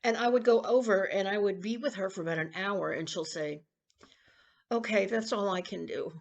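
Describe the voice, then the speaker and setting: A woman in her sixties rambling and confiding in a casual personal vlog, with coughs and throat-clearing. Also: mid-range voice, normal speed. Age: 60s. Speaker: vlogger.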